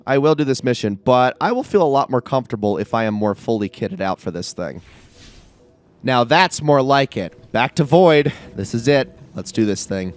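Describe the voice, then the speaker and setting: A man's voice: fairly low pitch, lively intonation, moderate pace. A man hosting a let's play, giving casual running commentary and reacting aloud to the game.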